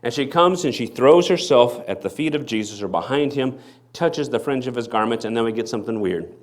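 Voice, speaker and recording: A man's voice: medium pitch, brisk. A male pastor preaching a sermon, acting out the people in the story as he goes. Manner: animated, acts out the people in the story. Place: church.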